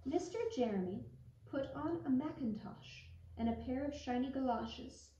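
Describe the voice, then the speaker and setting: A woman reads a picture book aloud with lively expression, her voice sitting high. The recording is dull and lo-fi, picked up from a distance in a roomy space. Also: moderate pace, slight background noise. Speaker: children's storyteller.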